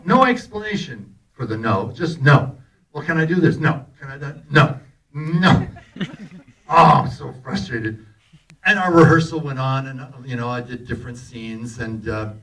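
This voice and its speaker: An older actor telling anecdotes to a festival audience in an animated, laughing way, often acting out the lines he quotes. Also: medium pitch. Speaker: actor telling stories about a film. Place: festival talk in a hall. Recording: voice picked up from a distance.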